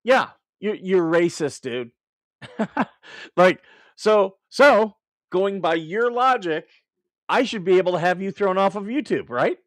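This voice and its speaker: A man's voice: high-pitched, animated, unhurried, pauses often, no echo, studio quality. Ranting male live-stream host. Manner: ranting, laughs often, rambling restarts. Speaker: livestream host. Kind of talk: casual live-stream commentary.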